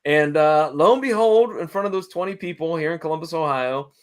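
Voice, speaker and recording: A middle-aged man, a guest in an interview, telling a lively story in casual conversation and acting out the people he quotes. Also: a little high, brisk, clean tone. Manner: animated storyteller, acts out quoted dialogue. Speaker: interview guest, wrestling manager.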